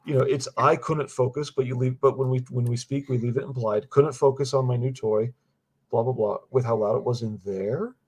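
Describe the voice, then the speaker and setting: A man co-hosting a casual comic review chat, chatty and quick to agree. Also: mid-range voice, fairly even intonation, a little mellow, husky. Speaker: podcast co-host.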